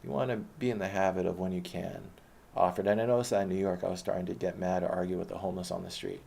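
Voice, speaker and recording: A man's voice: low-pitched, little pitch movement, fast, vocal fry, dark tone. A man telling a personal story in a blunt, rambling way, retelling conversations as he goes.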